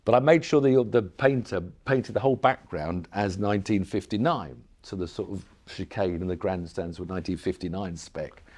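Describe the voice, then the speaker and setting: An older man, a racing driver, telling stories in an animated, emotional way with many restarts during a live on-stage interview. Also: sits low, moderate pace, few pauses. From England. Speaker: guest, racing driver and former TV presenter. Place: museum lecture theatre, live audience.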